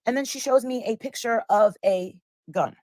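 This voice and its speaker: A woman's voice: a little high, normal speed, a little mellow, no room sound. A woman telling a story in casual chat, rambling and acting out the lines of the people in it. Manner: rambling, acts out quoted lines. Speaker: guest storyteller.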